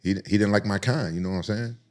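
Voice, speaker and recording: A man's voice: lowish voice, fast talker, a little mellow. A man from Memphis, telling stories casually and profanely on a podcast, acting out the other people's voices. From Memphis, United States. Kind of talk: casual storytelling.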